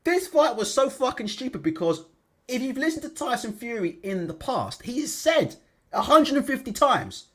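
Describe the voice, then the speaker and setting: A man hosting a live stream, talking high and swinging his pitch all over the place. He is blunt and sweary, breaks into laughs and reads viewers' comments aloud in a loose, chatty way. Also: sing-song, moderate pace, bright, forceful tone. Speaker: livestream host.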